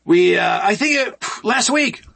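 A man's voice: high-pitched, expressive, measured pace, creaky, bright, forceful tone. A man hosting casual political commentary, folksy and rambling with sarcastic asides.

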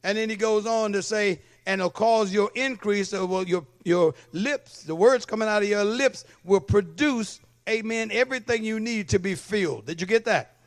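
In church, a male pastor with a high-sitting voice preaches at a moderate pace with hardly any pauses. He seeks amens from the congregation and asks if they are keeping up.

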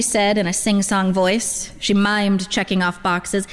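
A woman reading a literary first-person story aloud in a measured, wry storytelling manner. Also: mid-range voice, steady tone, clean tone. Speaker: narrator. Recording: long hall reverb.

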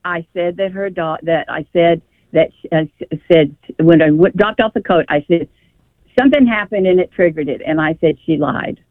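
A woman's voice: lowish voice, moderate pace, no echo. An older woman calling a radio show, telling a family story in an emotional, rambling way. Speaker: caller. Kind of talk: call-in radio conversation. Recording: tinny phone line.

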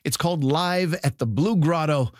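A man's voice: a little high, moderate pace, dry recording, studio quality. A man hosting a comedy show, giving upbeat scripted announcements and introductions. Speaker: show host. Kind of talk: scripted radio-style announcement. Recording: voice over guitar music. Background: guitar music.

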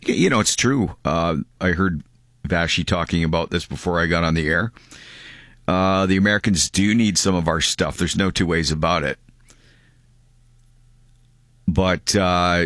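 A man's voice: sits low, a bit bright, dry recording, clean studio sound. A man hosting a talk radio show, giving casual, rambling commentary with many fillers.

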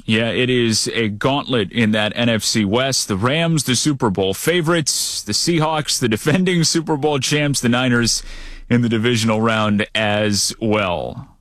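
A man hosting a sports news show, reading scripted updates at a brisk, upbeat clip. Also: mid-range voice, fairly bright tone, no room sound, clean studio sound.

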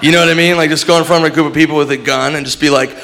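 A man doing stand-up comedy with deadpan dark jokes and sudden loud outbursts. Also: on the high side, racing, gravelly, background noise. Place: comedy club stage. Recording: live club recording with crowd. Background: audience laughter.

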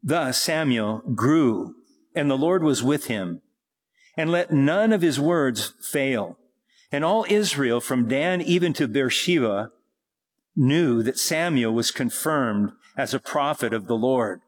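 A man teaching verse by verse through scripture, reading passages slowly and then explaining them, his voice rising when he presses a point. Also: lively intonation, breathy edge. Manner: rises in pitch and force when pressing a point. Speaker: Bible teacher.

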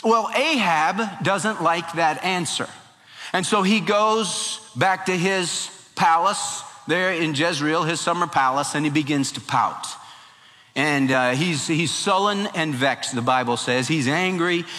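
A male preacher tells scripture as a folksy, animated story. His voice is bright and forceful, pitched a little high. A long hall echo follows each phrase. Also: measured pace. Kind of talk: sermon.

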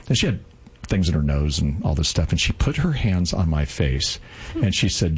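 A man in his sixties, co-host of a radio talk show, telling a heartfelt personal story in an earnest, lively way. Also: sits low, normal speed, slightly rough, poor audio. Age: 60s.

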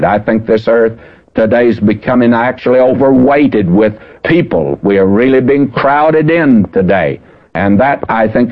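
Older guy preacher, folksy, leans hard on scripture quotes, mid pitch, dull lo-fi radio sound. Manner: folksy, emphatic, slows to stress quoted scripture. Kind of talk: radio Bible teaching. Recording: dull old radio broadcast.

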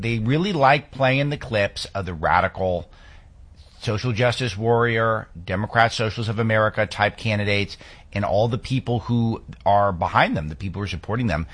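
Husky-voiced male talk radio host. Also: lowish voice, a bit bright. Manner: sarcastic, rambling asides. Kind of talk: conservative political talk radio commentary. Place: radio studio booth.

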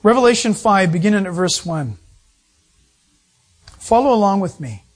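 Pastor, male, high voice, preaching a sermon and reading scripture aloud. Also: animated, normal speed. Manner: preaching, reads scripture aloud, asks and answers his own questions. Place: church service.

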